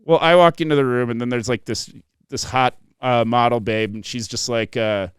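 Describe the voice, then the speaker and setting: A man's voice: medium pitch, normal speed, smooth, dry recording, studio quality. A man hosting a podcast who tells a long story in casual chat, acting out the people in it and swearing a lot. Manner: animated, profane, acts out quoted people. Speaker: podcast host.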